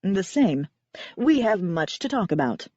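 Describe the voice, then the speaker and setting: A woman voicing a flamboyant, theatrical middle-aged warlock father who speaks in a slow, grandiose, pompous way. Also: medium pitch, big pitch swings, a little mellow, dry recording. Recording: dry, slightly dull recording.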